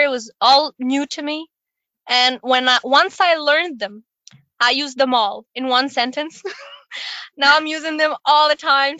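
A woman guest talks candidly and playfully in a casual podcast chat. Her voice is high and bright. It is recorded very dry, with no room sound. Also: no room sound.

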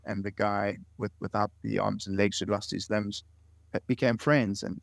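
Earnest man in his late 40s, low voice. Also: gravelly, dry recording, studio quality. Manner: earnest storytelling with many repeated words. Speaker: guest. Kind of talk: interview conversation.

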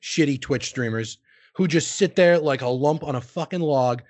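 A man's voice: on the high side, moderate pace, a little mellow, no room sound. A man hosting a podcast, telling rambling, self-deprecating stories in casual chat and swearing freely. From United States. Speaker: streamer and podcast host.

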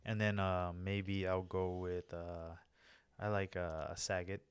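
A man's voice: sits low, level tone, slow pace, smooth. A man from the United States co-hosting a casual podcast, telling loose, slangy stories full of fillers and restarts. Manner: rambling, loose slangy storytelling with many fillers. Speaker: podcast co-host. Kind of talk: casual chat.

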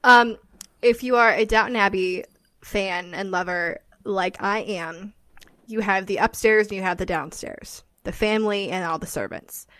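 Woman co-host, chatty, enthusiastic, mid pitch, dry close recording. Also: moderate pace, a bit bright, dry recording. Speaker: podcast co-host. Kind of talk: casual chat.

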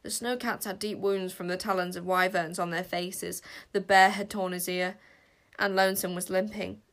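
A woman reading a children's fantasy story aloud with expressive narration. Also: lowish voice, moderate pace. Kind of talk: audiobook narration.

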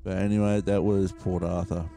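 A man's voice: low-pitched, level tone, moderate pace, vocal fry, warm tone. An Australian man hosting a podcast, telling a story in a rambling, casual way with lots of fillers and swearing. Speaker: podcast host.

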